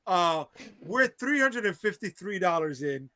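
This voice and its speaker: High, bright-voiced swearing man. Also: very animated, unhurried, dry recording. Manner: loud, swearing, laughing often. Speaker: comics publisher hosting a crowdfunding livestream. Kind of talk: casual profane banter.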